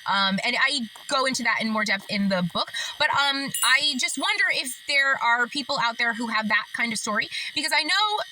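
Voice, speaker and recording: Chatty woman, slightly high, far from mic. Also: moderate pace, few pauses. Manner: chatty, many fillers, thoughtful asides. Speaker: author and storyteller. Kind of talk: casual reflective vlog storytelling. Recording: distant mic, steady background noise.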